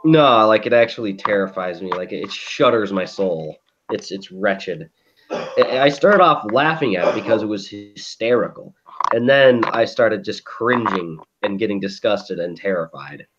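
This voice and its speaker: Profane, animated man telling a story. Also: fairly low pitch, a little slow, lo-fi sound, noisy background. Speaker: podcast co-host. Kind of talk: casual chat.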